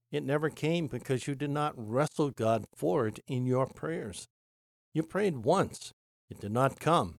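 Dry, measured male Bible reader. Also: mid-range voice, a little mellow, no room sound. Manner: measured, emphatic reading with rhetorical questions. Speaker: Bible teacher. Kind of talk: read-aloud devotional sermon. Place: United States.

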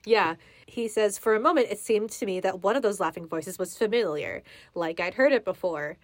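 A woman's voice: mid-range voice, moderate pace, no echo. A young adult woman co-hosting a casual book podcast, reading passages aloud and laughing often. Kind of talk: casual chat, book discussion.

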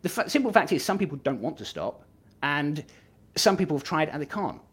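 A man's voice: fairly high pitch, very animated, brisk, slightly rough. A man, a podcast guest in casual chat who rambles, restarts and chuckles as he talks. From England. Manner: rambling, self-interrupting, chuckling.

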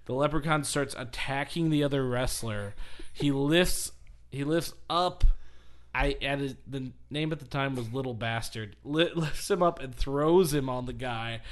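A man's voice: medium pitch, a little hiss or hum. Chatty man rambling through a story. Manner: rambling storyteller, restarts, laughs often. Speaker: podcast co-host. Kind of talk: casual wrestling story chat.

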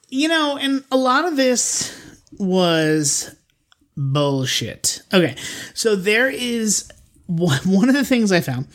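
A podcast host chatting casually and jokingly with a co-host, often rambling and correcting themself mid-sentence. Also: medium pitch. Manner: playful, jokey, rambling with self-corrections. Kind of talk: casual comedic podcast chat.

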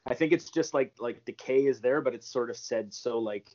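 A man's voice: medium pitch, moderate pace, a little mellow, lo-fi sound. A man co-hosting a podcast in casual chat, easygoing and hesitant, laughing often. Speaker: podcast co-host.

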